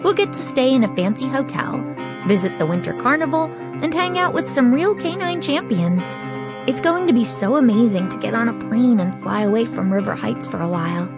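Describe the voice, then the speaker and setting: A woman narrating an audiobook in first person, lively and expressive, shifting her voice for each character. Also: fairly high pitch, a little fast, over music.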